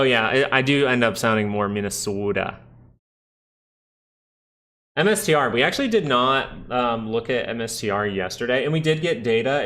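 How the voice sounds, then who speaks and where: A man's voice: on the low side, fairly bright tone. A young man hosting a live stock market stream, chatting casually with viewers while talking through charts. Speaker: stock market livestream host.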